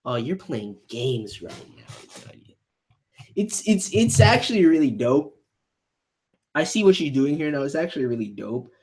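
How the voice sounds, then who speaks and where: Heated, swearing man with lively pitch. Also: moderate pace. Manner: heated, ranting, stammering repeats, swearing; reads panel lines aloud softly. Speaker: manga reaction host. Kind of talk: live manga chapter reaction.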